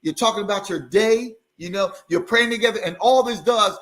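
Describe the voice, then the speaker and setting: Teasing man with a high voice. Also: a little fast, a bit bright. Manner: teasing, gives short affirmations. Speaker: co-host of a marriage talk show. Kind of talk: casual livestream chat.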